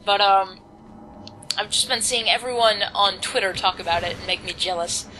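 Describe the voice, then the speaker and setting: A woman's voice: mid-range voice, normal speed, sharp tone, a little hiss or hum, poor audio. A teenage girl giving casual, rambling commentary on a video game she is playing, with lots of filler words. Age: teens. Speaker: let's play commentator. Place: home, volume kept low.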